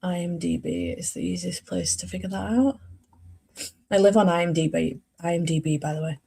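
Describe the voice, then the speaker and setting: A woman's voice: on the low side, steady tone, fairly quick, gravelly, mellow, breathy edge. A young woman chatting casually about her reading as a book vlogger, rambling, correcting herself and laughing often. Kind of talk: casual chat.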